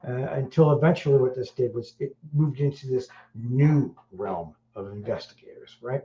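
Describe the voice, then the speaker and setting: A man's voice: medium pitch, moderate pace, slight background noise. A middle-aged Welsh man hosting a podcast in casual chat, blunt and crude, rambling with many fillers. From Wales. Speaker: podcast host. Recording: roomy, dull lo-fi sound.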